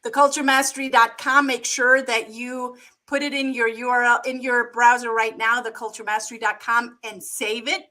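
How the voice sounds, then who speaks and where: A woman's voice: fairly high pitch, level tone, pushed and bright, low-quality recording. A woman from Germany hosting an interview, chatting casually and enthusiastically with her guest. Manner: enthusiastic, quick to laugh. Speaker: host.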